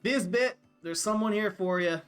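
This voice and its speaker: A man's voice: a little high, slow, faint music behind. Man playing a curt fire genasi smith woman. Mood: impatient. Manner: curt, impatient. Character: blunt young female fire genasi smith.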